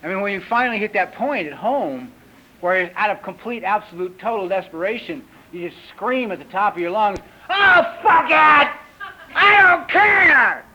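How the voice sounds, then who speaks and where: High-voiced man telling a recovery story. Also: brisk. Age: 50s. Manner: lively storyteller who acts out characters in raised voices. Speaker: recovery meeting speaker. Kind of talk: personal recovery talk with storytelling. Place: retreat meeting hall. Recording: dull lo-fi 1980s tape recording with faint hiss.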